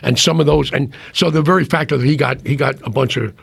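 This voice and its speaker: A middle-aged man as a guest in casual chat, rambling and restarting his sentences. His voice is husky with a gravelly edge, recorded dry and close. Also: mid-range voice, fairly quick, no echo. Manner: rambling, many restarts and fillers. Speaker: podcast guest.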